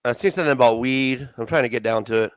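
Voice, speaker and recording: A man's voice: mid-range voice, fast, no room sound. A man hosting a casual late-night livestream, swearing a lot and laughing often. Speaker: livestream host.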